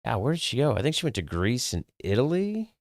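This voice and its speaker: A man's voice: medium pitch, very animated, fairly quick, no echo, studio quality. A young adult man, casually telling a personal story in a candid, crude, self-mocking way, swearing freely. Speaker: podcast host.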